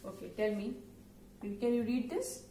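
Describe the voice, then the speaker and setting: A woman's voice: on the high side, animated, unhurried, mellow. A woman with an Indian English accent teaching phonics to young children, patiently spelling out words letter by letter. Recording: echoey room, faint background noise.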